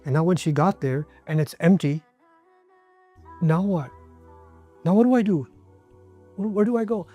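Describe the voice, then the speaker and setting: A man's voice: high-pitched, normal speed, long pauses, warm tone, soft background music. A man giving a religious lecture in a conversational way, asking rhetorical questions and acting out the people he quotes. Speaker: preacher.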